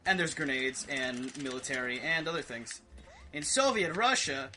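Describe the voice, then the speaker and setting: A young man giving rambling, excitable commentary over a video game, swearing and yelping as he plays. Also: medium pitch, moderate pace, slight background noise. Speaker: gaming video host. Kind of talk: rambling let's play commentary.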